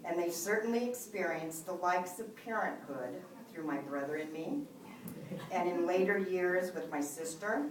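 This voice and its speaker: Woman reading a eulogy in an echoey hall. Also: on the low side. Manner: tender, with gentle humor and soft laughter. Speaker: niece giving a eulogy. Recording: echoey room, voice from a distance, faint background hum.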